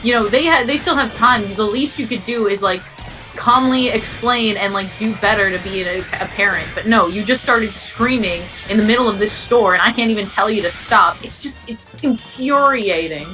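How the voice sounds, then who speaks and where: Bright-voiced woman ranting bluntly. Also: mid-range voice, normal speed, soft background music, rough recording. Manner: blunt, heated, swears often. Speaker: co-host. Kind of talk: casual gaming chat.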